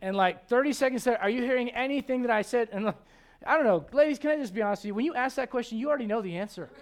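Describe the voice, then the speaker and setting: A middle-aged male pastor preaching a sermon in an animated, joking way. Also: extremely high pitch, rapid-fire. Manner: animated, joking, acts out quoted voices.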